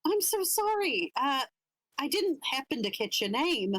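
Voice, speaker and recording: A woman's voice: a little high, expressive, normal speed, a bit bright, dry recording, poor audio. A woman voicing Priscilla, a polite and coy female investigator making formal small talk at a party. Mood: courteous.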